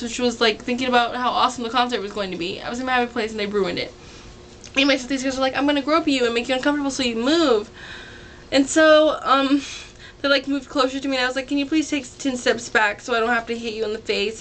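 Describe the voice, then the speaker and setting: A woman's voice: fairly high pitch, a bit bright, a little hiss or hum. A teenage girl telling a concert story to the camera in a chatty way, full of "like" and quoted voices. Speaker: vlogger. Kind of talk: casual storytelling.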